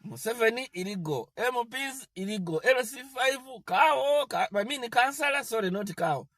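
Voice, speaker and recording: A man delivers a defiant political rant, scolding and mocking as he goes. His voice sits fairly high and swings widely in pitch. The sound is dry and close. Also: lively intonation, normal speed, fairly bright tone, no echo. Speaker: political commentator.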